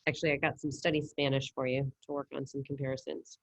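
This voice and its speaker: In this online Spanish class, the teacher speaks through her computer mic on a video call, quizzing students in a casual, upbeat way. Her voice rumbles low with flat delivery at a quick pace. There's no room sound.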